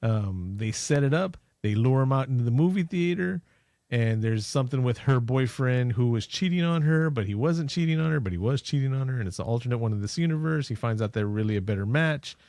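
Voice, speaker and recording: A man co-hosting a podcast, casually recapping a movie plot with jokes and quick acted-out lines. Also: medium pitch, animated, darkish tone, no echo, studio quality. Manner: jokey, acts out scenes in quick voices. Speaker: podcast co-host.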